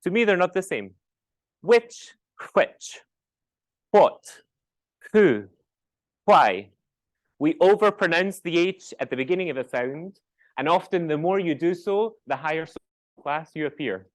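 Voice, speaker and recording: A man's voice: fairly high pitch, brisk. Lecturing man with a West Coast Scottish accent. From west coast of Scotland. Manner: explains with tag questions, demonstrates sounds aloud. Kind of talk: classroom lecture. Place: classroom.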